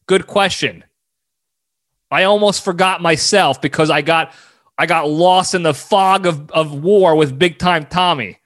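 A man hosting a solo podcast who rambles in an animated way, often cutting himself off mid-thought. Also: high-pitched. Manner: rambling, animated, self-interrupting. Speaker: podcast host.

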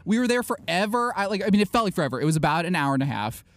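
A man in his forties telling a story in casual chat, animated, laughing often and acting out other people's voices. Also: sits high, racing, dry recording.

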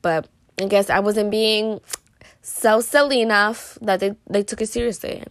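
A woman's voice: mid-range voice, fairly even intonation, measured pace, no echo. Teen girl rambling thru a storytime, tons of likes, joking n dramatic, dry close sound. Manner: rambling, heavy use of "like" and "you know". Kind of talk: casual storytime monologue.

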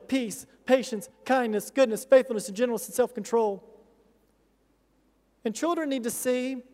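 A man's voice: extremely high pitch, darkish tone. A middle-aged man preaching a sermon as a pastor, earnest and pleading. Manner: earnest, pleading with rising intensity. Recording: long reverb of a large hall.

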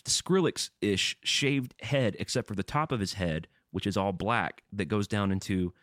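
A man co-hosting a podcast, telling a profane, animated anecdote in casual chat. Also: lowish voice, a little slow, dry recording, studio quality. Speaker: podcast co-host and musician.

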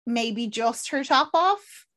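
A woman's voice: on the high side, lively intonation, a bit bright. Chatty woman recapping a film. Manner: chatty, swearing, acts out lines in quick voices. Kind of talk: casual chat recapping a film.

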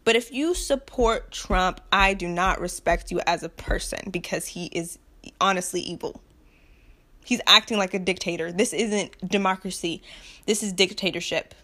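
A woman's voice: lowish voice, normal speed, pushed and bright. A young woman from the United States delivering an impassioned, frustrated rant to camera, blunt and repetitive, with nervous laughs between points. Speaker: vlogger.

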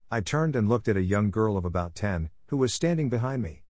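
A man reads a first-person ghost story in a calm, measured way. His voice sits low, and the recording is dry and close with no room sound. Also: dry recording. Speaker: narrator. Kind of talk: scripted ghost story narration.

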